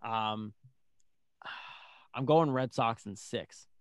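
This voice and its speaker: A young man co-hosting a casual sports chat, excitable and rambling, full of "like". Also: mid-range voice, extremely slow, clear, resonant tone, no echo, studio quality. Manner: excitable, rambling, heavy use of "like". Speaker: sports podcast co-host.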